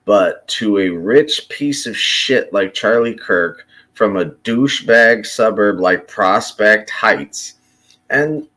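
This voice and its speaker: Slow, profane, impassioned man ranting. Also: medium pitch, a bit bright. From Chicago. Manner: halting, restarting sentences. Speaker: commentator. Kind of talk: unscripted monologue rant.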